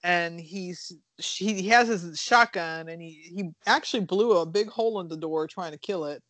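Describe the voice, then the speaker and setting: This woman, co-hosting a horror-review podcast, retells a film's story in loose, chatty fashion, dropping fillers and an occasional swear word as she goes. Her pitch sits fairly low and her pace is normal, and the recording is close and dry with no echo.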